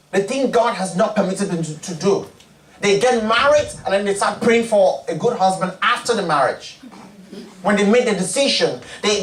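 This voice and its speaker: A male preacher delivering a sermon with lively, story-driven delivery, slipping into the voices of his characters. He is caught from a distance in a roomy church hall. A faint background hum sits under his voice. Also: high-pitched. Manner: animated storytelling, acting out characters. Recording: echoey hall, distant mic.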